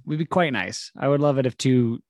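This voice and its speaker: A man's voice: medium pitch, fairly quick, darkish tone, dry recording, studio quality. A man in his thirties, a comedian guest on a casual podcast, rambling with frequent laughs. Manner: laughing, rambling, slips into mock voices.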